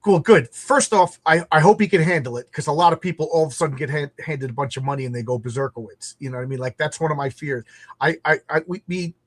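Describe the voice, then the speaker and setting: This middle-aged man, a podcast host, talks fast in a fairly high voice with no room sound. Hosting a casual chat, he tells stories with animation and performs the quotes.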